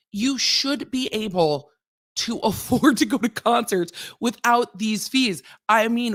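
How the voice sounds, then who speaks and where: Exasperated woman ranting. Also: medium pitch. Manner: exasperated, animated ranting with rhetorical questions. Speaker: lawyer and channel host. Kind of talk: casual ranting monologue.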